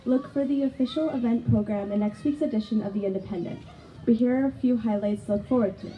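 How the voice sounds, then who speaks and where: A woman's voice: on the high side, quick pace, highs cut off, a little hiss or hum. A woman reading out community event announcements on an outdoor stage, stumbling now and then. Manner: reads from notes, stumbles and corrects herself. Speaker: community calendar reader.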